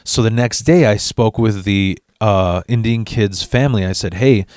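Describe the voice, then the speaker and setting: A man's voice: fairly low pitch, moderate pace, smooth, dry recording. A young man telling a storytime rant to camera, swearing heavily and stumbling over restarts as he acts out what others said. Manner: profane and animated, acting out quotes; restless stammers and restarts. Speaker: vlogger.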